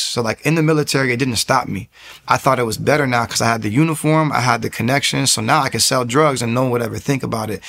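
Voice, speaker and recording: Young guy rattling off his testimony, quick and excited, lots of restarts. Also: medium pitch. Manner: fast, animated storytelling with many restarts. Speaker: testimony speaker. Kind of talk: personal testimony.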